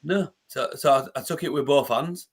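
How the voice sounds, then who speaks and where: A man, a former rugby league player, telling his story as a podcast guest in an animated way, often restarting and repeating words. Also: a little high, normal speed, breathy edge. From England.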